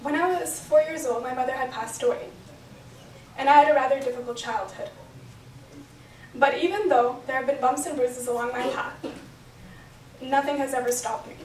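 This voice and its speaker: In an echoey hotel function room, recorded from a distance, a young bat mitzvah speaker reads her prepared speech from notes at a moderate pace, leaving long pauses. Her high-pitched voice is earnest and emotional, and there's slight background noise.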